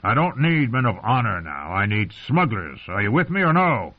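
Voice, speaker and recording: Gruff older smuggler lord in a storybook, blunt and loyal, low-pitched and firm with lively inflection, as a narrator plays him. The sound is tinny, like a phone line. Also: male voice, normal speed.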